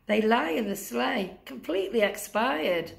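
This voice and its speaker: A woman reading a rhyming picture book aloud to children, rhythmic and deliberate, dropping low on the sound-effect words. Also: lively intonation, creaky. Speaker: masked guest reader.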